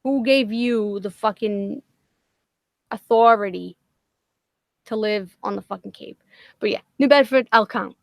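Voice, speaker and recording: Woman, Boston accent, casual livestream host, profane, self-mocking, creaky, close and dry. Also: medium pitch, unhurried, long pauses, no echo. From Massachusetts. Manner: profane, rambling, self-deprecating.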